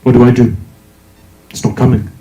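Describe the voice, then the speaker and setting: A man voicing a merchant pilgrim in a story, speaking low and quietly. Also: flat delivery, brisk, natural voice. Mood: resigned. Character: troubled adult merchant pilgrim. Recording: echoey hall.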